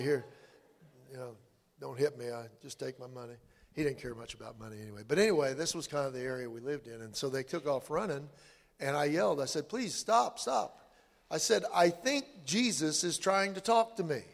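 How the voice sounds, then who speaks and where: An older man telling his personal testimony in a halting, earnest way, with many restarts. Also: medium pitch, darkish tone. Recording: long hall reverb.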